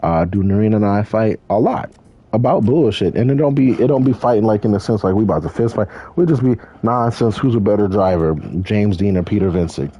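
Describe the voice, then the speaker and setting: Answering viewer questions while playing a driving game, a young man rambles in loose slang and swears freely. His voice is lowish and a little fast with a breathy edge, with no echo and the high frequencies cut off.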